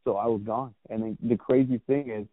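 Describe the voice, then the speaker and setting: The clothing brand founder, a guest in his thirties, recounts a personal story briskly in a mid-range voice with fairly even intonation. He's frank and meandering, restarting a lot and swearing; the audio is dry and tinny, like a phone.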